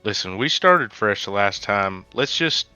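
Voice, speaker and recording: A man talking in character at a tabletop game, wry and hesitant. His low voice is bright and lively in pitch. The mic sounds dull and dry, with faint music. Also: a little slow, clean tone, dry recording. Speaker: player.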